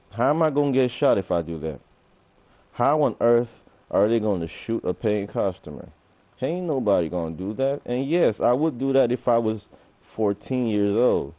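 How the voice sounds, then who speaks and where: A man's voice: medium pitch, moderate pace. A man ranting casually and profanely on a gaming livestream, acting out arguments as he tells a story. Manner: profane, animated storytelling, acts out confrontations. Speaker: gaming streamer. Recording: tinny phone-like audio.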